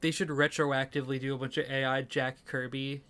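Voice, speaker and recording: A man's voice: mid-range voice, level tone, brisk, pushed and bright, clean tone. A man co-hosting a casual movie review podcast, talking with enthusiasm, swearing casually and trailing off mid-sentence. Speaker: podcast co-host.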